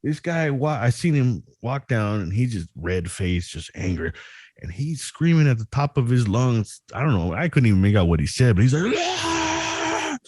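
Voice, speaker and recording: A man hosting a podcast, telling stories in an animated way and imitating people. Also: mid-range voice, normal speed, no echo, clean studio sound. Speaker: podcast host. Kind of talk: casual podcast chat.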